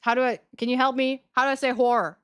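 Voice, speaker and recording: A woman's voice: high voice, fairly even intonation, fast, smooth. A woman streamer chatting casually to her live audience, giggling often as she talks. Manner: giggly, laughs often between words.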